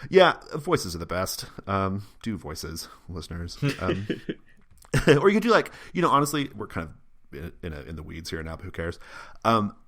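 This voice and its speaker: A man hosting a podcast in casual chat, who laughs often and talks in an animated, rambling way. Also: deep voice, moderate pace. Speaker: podcast host.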